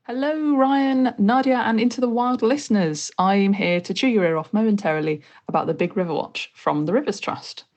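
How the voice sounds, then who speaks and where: Gravelly-voiced woman campaign spokesperson. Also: mid-range voice, brisk, hardly any pauses, a little mellow. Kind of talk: recorded guest message.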